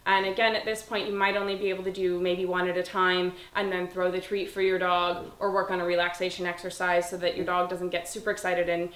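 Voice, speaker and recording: A woman dog trainer giving a calm, step-by-step demonstration and praising the dog. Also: lowish voice, fairly quick, few pauses. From Southern California. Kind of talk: instructional demonstration. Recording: echoey room.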